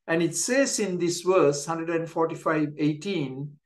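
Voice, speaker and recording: A male pastor giving a daily devotional sermon, speaking deliberately and repeating key phrases for emphasis. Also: fairly high pitch. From Canada.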